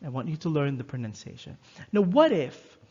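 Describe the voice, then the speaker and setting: A man with a slightly high voice gives a recorded lesson, explaining each point patiently and repeating words slowly so learners can follow. The recording sounds dull and lo-fi. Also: sing-song, mellow, slightly rough. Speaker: French teacher.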